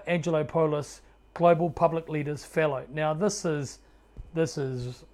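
A man's voice: a little high, a little mellow. A man with a New Zealand accent giving opinionated commentary to camera in an indignant, sarcastic tone. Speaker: political commentator.

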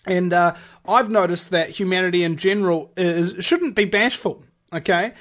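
A man's voice: high-pitched, moderate pace, fairly bright tone. A man hosting his own radio show, delivering a rambling, heated monologue full of restarts and fillers. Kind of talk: ranting monologue.

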